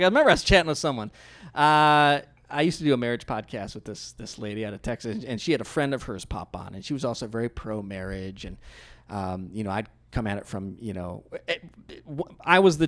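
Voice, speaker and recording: A man preaching a sermon as pastor, telling stories in a conversational way with quick acted-out quotes. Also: mid-range voice, fairly bright tone.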